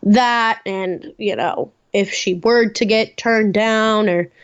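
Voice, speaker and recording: A woman's voice: mid-range voice, slow, clean tone, highs cut off. A woman co-hosting a podcast, chatting casually about a reality show with lots of "like" and "you know" fillers. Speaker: podcast co-host. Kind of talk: casual chat.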